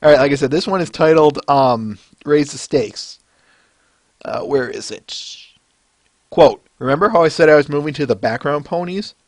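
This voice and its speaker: A man's voice: on the high side, normal speed, dry recording. A male podcast host rambling casually through a fan-art review, with lots of fillers and chuckles.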